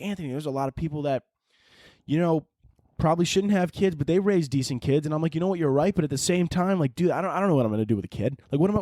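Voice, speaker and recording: A man's voice: fairly high pitch, no room sound, studio quality. A young man hosting a podcast, ranting casually with lots of swearing and restarts. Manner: profane, animated, rambling with restarts. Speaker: podcast host. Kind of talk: casual rant.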